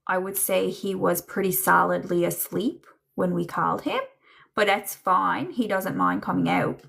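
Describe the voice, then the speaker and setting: A woman doing a live psychic reading for chat viewers, slow and musing, with many ums and trailing thoughts. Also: medium pitch, gravelly, a bit bright. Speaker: psychic medium.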